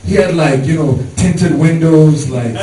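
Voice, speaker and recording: A man's voice: fairly high pitch, unhurried, warm tone. A man performing a stand-up comedy set, telling stories loosely with lots of fillers. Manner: loose storytelling with many fillers. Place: comedy show venue with audience. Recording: echoey room, mic far off, crowd. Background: audience laughter.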